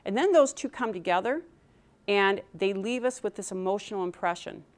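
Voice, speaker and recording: A middle-aged woman with a medium-pitched voice speaks at a moderate pace, giving a motivational talk on public speaking to a live audience. Animated, she quizzes the room with questions and acts out nervous inner voices.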